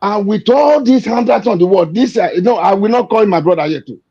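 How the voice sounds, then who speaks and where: A man giving an emotional, impassioned political rant, repeating himself and shouting in anger. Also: high-pitched, lively intonation, a little fast, husky. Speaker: activist speaking to an interviewer. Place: abroad. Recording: dull lo-fi recording.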